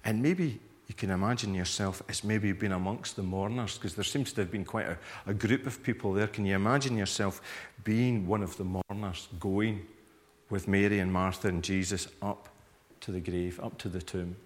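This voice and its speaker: A man's voice: lowish voice, steady tone, moderate pace. A male preacher giving a sermon in a conversational manner, inviting listeners to imagine themselves in the scene. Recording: long hall reverb.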